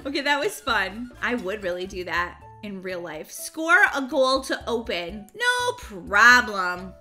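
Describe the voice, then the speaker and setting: Bubbly woman host narrating her gameplay, squealing sound effects, bright, animated. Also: fairly high pitch, measured pace, soft background music. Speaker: gaming channel host. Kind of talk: excited Roblox gameplay commentary.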